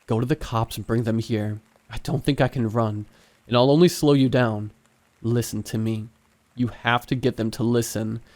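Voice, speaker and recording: A man's voice: mid-range voice, fairly even intonation, moderate pace, a little mellow, close to an everyday voice. A man voicing a frightened, trapped teenage boy who pleads urgently.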